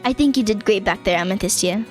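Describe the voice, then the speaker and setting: A woman voicing a smooth, teasing young man while reading a visual novel aloud, in a lowered, laid-back, joking voice. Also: quick pace, faint music behind, close to an everyday voice.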